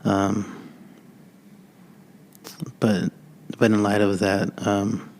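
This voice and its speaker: A man speaking off the cuff as a podcast guest, halting with many restarts. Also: fairly low pitch, level tone, a little mellow, slight background noise. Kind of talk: off-the-cuff conversation.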